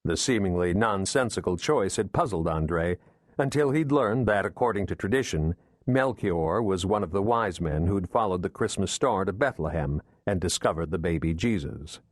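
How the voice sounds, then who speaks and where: Male audiobook narrator, low voice, dry close sound, steady thriller reading. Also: dry recording. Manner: measured, steady storytelling.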